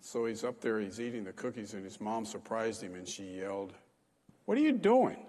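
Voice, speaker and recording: A man's voice: fairly low pitch, steady tone, a little fast, a little mellow, long reverb tail. A man preaching a sermon as pastor, talking in a conversational way with frequent fillers.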